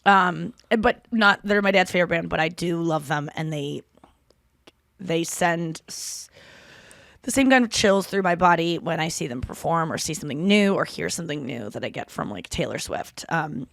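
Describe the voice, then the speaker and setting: A woman's voice: fairly low pitch, lively intonation, moderate pace, creaky, fairly bright tone, no room sound. A woman in her thirties hosting a podcast, chatting casually in a rambling, profane way. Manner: chatty, rambling, swears freely. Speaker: podcast host. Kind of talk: casual chat.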